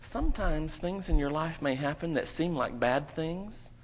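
Male pastor, high voice, church prayer and kids' story, playful questions to children, muffled lo-fi sound. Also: expressive, unhurried. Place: church sanctuary.

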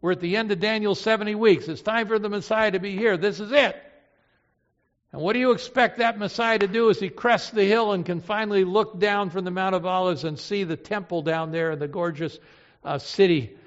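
Pastor, male, higher voice, emotional sermon delivery, long church reverb, dull lo-fi tape. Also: fairly even intonation, fairly quick. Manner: emotive, swings from hushed to impassioned. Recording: reverberant hall, dull lo-fi sound.

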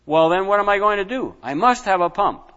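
A man doing a shrill whiny impatient boy. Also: expressive, moderate pace. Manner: whiny, insistent, loud. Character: impatient demanding young boy. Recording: dull lo-fi with long reverb.

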